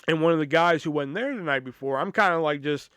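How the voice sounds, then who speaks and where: Brief: male podcast host spinning a long work story, cussing, rambly, slightly high voice, dry close sound. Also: fast talker, fairly bright tone, clear, resonant tone, dry recording. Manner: profane, rambling, lots of "you know". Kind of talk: casual storytelling.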